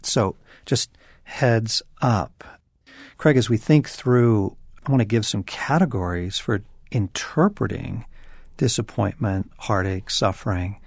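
A man's voice: lowish voice, a little slow, vocal fry, a little mellow, breathy edge, no room sound, studio quality. A man co-hosting a podcast conversation, talking about faith and suffering in an earnest, emphatic, preacherly way. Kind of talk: conversational Christian teaching.

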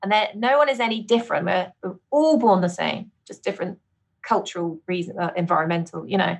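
A woman's voice: on the low side, fairly quick, creaky. A British woman chatting casually as a podcast guest, laughing often and acting out her own reactions. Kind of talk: casual interview chat.

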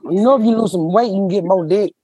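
A woman's voice: medium pitch, fast talker, mellow, slight background noise. A woman hosting a casual comedy podcast who roasts people bluntly and crudely, sometimes talking while eating. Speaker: podcast host.

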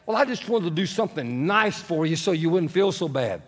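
A pastor voicing a sheepish young boyfriend. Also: male voice, on the high side, animated, fairly quick, voice pushed down. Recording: long church reverb.

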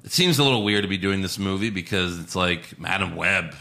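A man's voice: deep voice, brisk, vocal fry, bright, forceful tone. A man hosting a podcast, chatting casually and giving blunt, opinionated takes. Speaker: podcast host. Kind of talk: casual chat.

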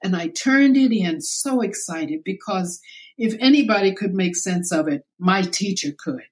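An older woman from the American South, a guest in an interview, telling a personal childhood story slowly and reflectively. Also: mid-range voice, animated. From South Carolina, US. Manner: slow, reflective storytelling with quoted voices.

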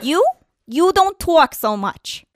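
A woman's voice: high-pitched, big pitch swings, slow, slight background noise, full character voice. A woman playing a frazzled young band leader who bosses her bandmates around. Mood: exasperated. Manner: exasperated, bossy. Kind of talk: stage-play acting.

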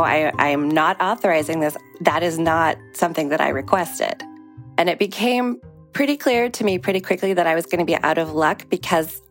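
A woman in her thirties, an interview guest, telling a personal story in a conversational way and briefly acting out the people she quotes. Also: fairly low pitch.

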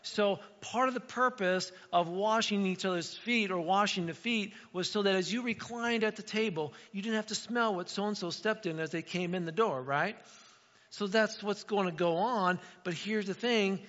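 Animated man preaching in a church hall. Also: sits high, moderate pace. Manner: conversational, animated storytelling with acted asides. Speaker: pastor. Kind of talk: sermon. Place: church sanctuary. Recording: dull sound with long hall reverb.

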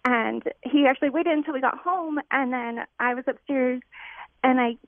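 A woman's voice: sits high, moderate pace, no room sound. A young woman calling in to a radio show, chatty and a little hesitant with ums, heard over a phone line. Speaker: caller. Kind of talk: phone-in storytelling.

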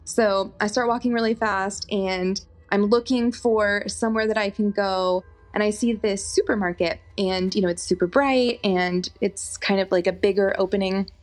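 A woman's voice: mid-range voice, moderate pace, few pauses. A young woman telling a personal story in a casual, chatty way, full of fillers. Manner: animated, chatty, lots of fillers.

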